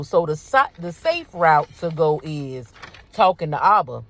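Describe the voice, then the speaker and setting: Woman, 30s, low-ish voice, animated faith talk straight to camera viewers. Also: measured pace. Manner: animated, repeats herself, addresses viewers as y'all. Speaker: faith video host. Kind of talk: casual spiritual talk to viewers.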